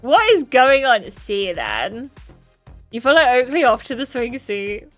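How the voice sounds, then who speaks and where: A woman's voice: fairly high pitch, sing-song, unhurried, faint music behind. A woman streaming a story game, reading its dialogue aloud and chatting with her viewers, often apologizing for her slips.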